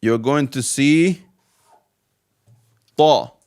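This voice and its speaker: At a slow pace, a male Arabic teacher with a medium-pitched, expressive voice goes through the alphabet one step at a time. Each letter sound gets patient repetition in this unhurried lesson.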